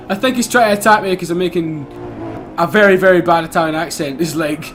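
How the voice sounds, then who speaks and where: Young scottish man, high voice, casual gameplay commentary, excitable, swears a lot. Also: quick pace, soft background music. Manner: excitable, swears freely, laughs often. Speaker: gaming YouTuber.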